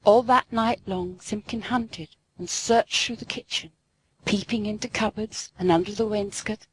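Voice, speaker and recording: A woman narrating a classic storybook aloud in an expressive, sing-song way. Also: mid-range voice, a little slow, husky, rough recording.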